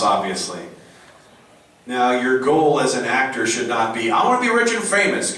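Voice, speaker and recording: Male voice actor on a convention panel, animated and playful, recorded from afar in a big echoey hall. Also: medium pitch, far from the mic, slight background noise. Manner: animated, jokey, slips into silly voices. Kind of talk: casual panel talk.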